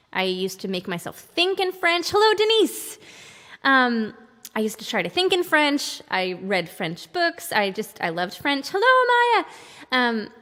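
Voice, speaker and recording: A woman's voice: a little high, a bit bright, long reverb tail. A woman who sings and plays, hosting a live stream and chatting casually with viewers between songs, rambling and greeting people by name mid-thought. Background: her own acoustic guitar.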